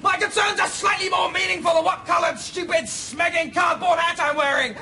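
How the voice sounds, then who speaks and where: Brief: an uptight ranter, shrill, bright and off-mic. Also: male voice, steady tone, moderate pace, gravelly, exaggerated voice. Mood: furious. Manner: ranting, shouting. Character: pompous, furious uptight man. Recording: distant shouting from a TV clip.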